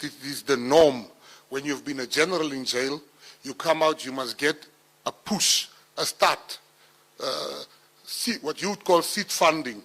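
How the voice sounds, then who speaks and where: A middle-aged South African minister with a slightly high voice gives a keynote speech to an audience, telling personal stories. He acts out the dialogue animatedly and gets loud at the punchlines.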